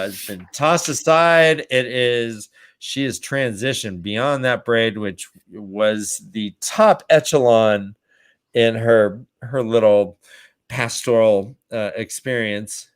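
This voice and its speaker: A man's voice: medium pitch, a bit bright, clear, resonant tone. A man hosting a casual book podcast, playful and rambling as he recaps chapters. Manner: playful and rambling, acts out characters. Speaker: podcast host.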